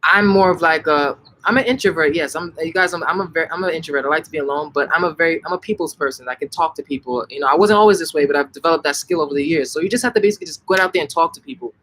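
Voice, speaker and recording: A young man chats through a live Q&A for his viewers. His voice sits a little high, and his delivery is animated and emphatic, with lots of "like" and quick restarts. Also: low-quality recording. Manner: animated, emphatic, frequent self-corrections and "like". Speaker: language-learning channel host answering viewer questions. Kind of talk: casual live Q&A.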